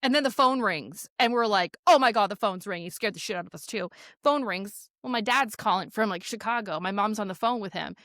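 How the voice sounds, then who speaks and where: A woman's voice: mid-range voice, a little fast, sharp tone, no echo, studio quality. A woman in her forties, a podcast guest telling a story casually and animatedly, full of "like" fillers.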